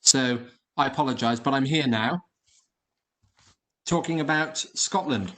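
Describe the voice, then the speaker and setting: A man's voice: mid-range voice, unhurried, fairly bright tone. A man presenting his hotels on a video call, chatty and friendly in tone, often repeating words as he talks. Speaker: hotel group founder presenting. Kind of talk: casual presentation. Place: at home or office in London.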